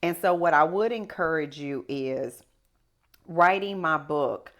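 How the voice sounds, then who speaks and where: Woman, very low voice, animated storyteller, casual podcast chat. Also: slow. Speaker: podcast guest.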